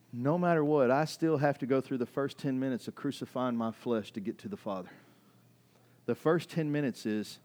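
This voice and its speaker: A middle-aged male pastor preaching a conversational, animated sermon that builds in intensity. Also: mid-range voice, fast.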